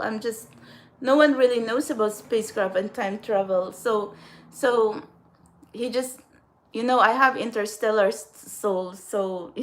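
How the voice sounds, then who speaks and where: Woman, casual rambling vlog, frequent laughter, halting restarts, fairly high voice. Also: a bit bright. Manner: scolds trolls bluntly. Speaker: vlogger.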